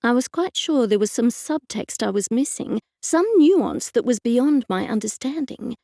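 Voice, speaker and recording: Gravelly, mellow woman narrating an audiobook. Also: fairly high pitch, expressive, normal speed, dry recording, studio quality. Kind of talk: first-person audiobook narration.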